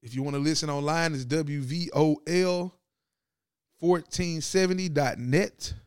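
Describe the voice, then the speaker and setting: A man hosts his podcast in a loose, slangy sports monologue, his voice sitting a little high. The tone is smooth and clean. He is close to the mic in a dry, dead-sounding space. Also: measured pace, no room sound. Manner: loose slangy delivery, swings from loud to low and subdued. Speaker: podcast host. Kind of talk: casual sports talk monologue.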